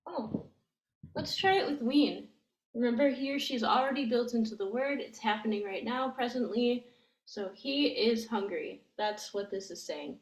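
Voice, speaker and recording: A woman teaching a language lesson, explaining gently and step by step with frequent ums. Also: fairly high pitch, moderate pace, echoey room, low-quality recording. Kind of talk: slow, patient language lesson.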